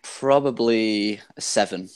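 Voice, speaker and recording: A man's voice: lowish voice, slow, darkish tone, smooth. A man hosting a podcast, answering thoughtfully and a little hesitantly in casual chat. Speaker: podcast host.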